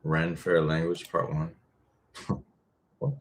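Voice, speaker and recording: Man, voice actor, casual live-stream chat, low deep voice, laid-back, swears freely. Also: level tone, slow pace.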